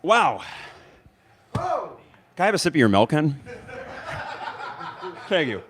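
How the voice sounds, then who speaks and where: A man's voice: a little high, huge pitch swings, slow, background noise. A man hosting a fan podcast, calling a basketball game in a loose, casual way. His voice swoops up and down, and he groans and laughs as the hot sauce gets to him. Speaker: podcast host. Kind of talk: casual live game commentary.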